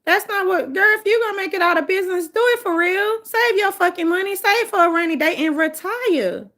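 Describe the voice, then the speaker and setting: Brash woman host with a New Orleans accent and a high voice, swearing freely as she tells stories. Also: a little fast. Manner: brash, profane, animated storytelling. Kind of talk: casual storytelling monologue.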